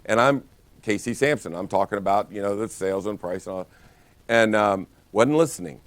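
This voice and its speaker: A man's voice: on the low side, normal speed, no room sound. A man teaching a real estate training session, telling stories with lots of energy and frequent restarts. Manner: energetic storytelling with many restarts. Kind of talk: live training talk.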